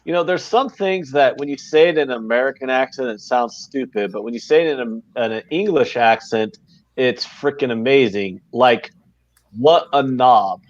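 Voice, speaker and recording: An amused man rambling on a live sports betting panel, his pitch rising and falling a lot. His sound comes through dull and lo-fi. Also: animated, moderate pace. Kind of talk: live betting show chat.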